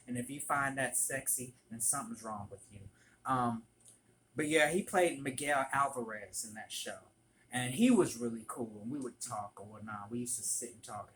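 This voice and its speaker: A man tells stories to camera in a casual, chatty way. His voice is bright and clear, with plenty of ums and gossipy asides. The pitch sits in a middle range. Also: a little hiss or hum, low-quality recording. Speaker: vlogger, former barista.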